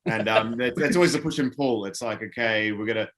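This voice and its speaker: A man's voice: mid-range voice, a little fast, fairly bright tone. Enthusiastic man rambling through stories. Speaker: panel guest, former series actor. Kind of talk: casual panel chat.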